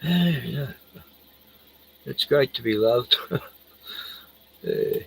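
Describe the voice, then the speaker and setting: Older aussie guy, gravelly and bright-edged, rambly and laughy, swears a lot. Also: mid-range voice, wildly swooping pitch, extremely slow, a little hiss or hum, rough recording. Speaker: livestream host. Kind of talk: casual chat.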